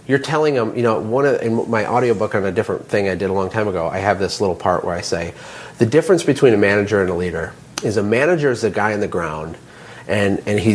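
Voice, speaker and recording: A man's voice: on the low side, fast talker. Motivational businessman telling stories. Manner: animated, motivational storytelling. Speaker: guest, small business owner and coach. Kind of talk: casual interview talk.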